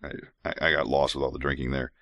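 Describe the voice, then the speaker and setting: A man's voice: extremely low pitch, little pitch movement, fast talker, fairly bright tone, dry recording. A man hosting a podcast who reads scripture aloud in a mock-solemn voice and breaks off for sarcastic, irreverent commentary. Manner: sarcastic, irreverent, mocking asides between readings. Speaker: podcast host. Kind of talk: comedic scripture reading and commentary.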